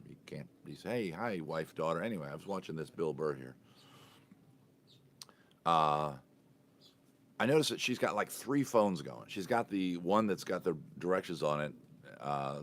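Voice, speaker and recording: A man's voice: very deep voice, slight background noise. A man hosting his own podcast, telling a casual story in a chatty, rambling way and often correcting himself mid-sentence. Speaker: podcast host.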